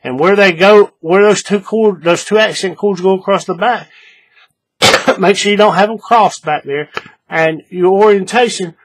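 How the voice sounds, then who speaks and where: An unhurried man with a high-pitched voice demonstrates a craft step by step. He stays laid-back, goes over the same steps again, and regularly checks that the audience is following.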